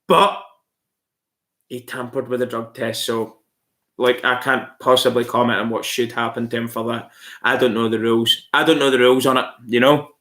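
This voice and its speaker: A man's voice: mid-range voice, flat delivery, normal speed, bright, forceful tone. Blunt, swearing man chatting with viewers. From outside Australia. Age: adult, married. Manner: blunt and swears freely, talks to viewers as "mate". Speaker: channel host answering viewer comments. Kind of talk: casual live-stream chat.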